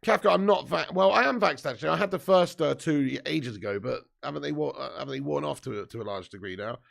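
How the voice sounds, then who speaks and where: A man in his 30s, just woken up, hosts a sweary, jokey live football watch-along, reading out viewer comments amid casual chat and match commentary. His voice is on the high side and a bit bright, with vocal fry, and he talks fast.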